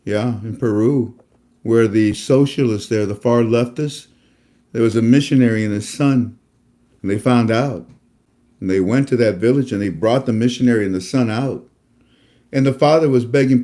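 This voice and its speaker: Speaking at a moderate pace in a mellow, medium-pitched voice, a host talks to online viewers about faith in a casual yet preachy way, rambling and frequently using fillers and restarting sentences.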